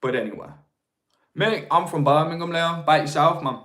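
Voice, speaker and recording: A man's voice: on the high side, normal speed, fairly bright tone. A young man hosting a live stream, chatting informally and greeting viewers between points. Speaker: live-stream host on marketing. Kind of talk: casual live-stream talk, reading viewer chat.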